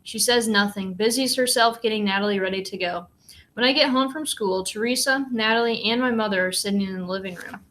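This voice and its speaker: A woman reads a novel aloud in a plain, steady storytelling voice. She stops now and then for a short, easy aside to the listener. Her pitch sits in an ordinary middle range. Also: brisk, a little hiss or hum. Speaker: reader and commentator.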